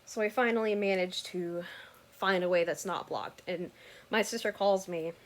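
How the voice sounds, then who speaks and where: A woman's voice: on the low side, normal speed. A woman earnestly recounting a personal story in casual, rambling talk that often corrects itself mid-sentence.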